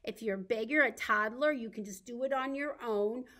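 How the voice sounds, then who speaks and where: A woman's voice: fairly high pitch, moderate pace, sharp tone. A woman librarian leading a baby storytime, talking in a cheerful sing-song way to small children and their grown-ups. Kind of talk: baby storytime with songs and rhymes.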